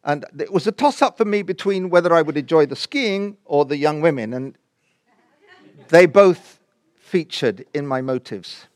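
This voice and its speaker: An older man, preaching and telling his own story of faith as an animated storyteller who acts out dialogue and sometimes drops almost to a whisper. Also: fairly high pitch, moderate pace, no echo. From England. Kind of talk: personal testimony in a sermon.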